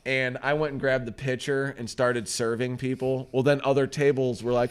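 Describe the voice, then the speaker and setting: A middle-aged man co-hosting a casual chat show, telling family stories in an animated way, acting out quotes and swearing freely. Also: mid-range voice, normal speed, clean tone. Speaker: co-host.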